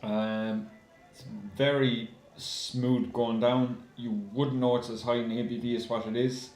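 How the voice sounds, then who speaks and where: A man chatting casually to his viewers in a video review, calling them guys and filling pauses with lots of ums. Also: medium pitch, level tone, darkish tone, faint music behind. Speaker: beer reviewer. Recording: roomy echo.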